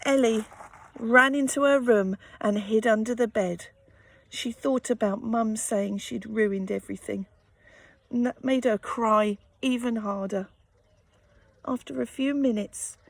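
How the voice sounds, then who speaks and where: A woman reading a children's picture book aloud, gently expressive and adding sympathetic asides. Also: a little high, a little slow, creaky. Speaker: storyteller.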